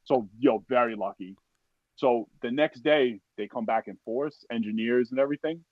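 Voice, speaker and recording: A man telling a war story in a casual, profane, animated way, acting out the voices of other people as he goes. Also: mid-range voice, normal speed, dry recording, narrow, tinny audio. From United States. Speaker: podcast guest, army veteran.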